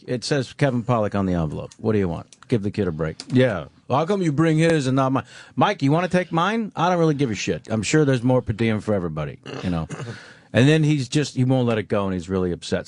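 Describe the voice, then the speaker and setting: A man telling an animated anecdote on a talk show, swearing freely and slipping into voices for the people in it. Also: medium pitch, fast, no room sound. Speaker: guest. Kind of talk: storytelling.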